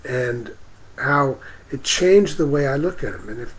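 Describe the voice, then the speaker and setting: A man hosting a spiritual livestream outdoors, speaking gently and greeting viewers by name. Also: mid-range voice, lively intonation, poor audio. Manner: slow, gentle, reads out viewer comments. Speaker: livestream host. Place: outdoors near a parking lot.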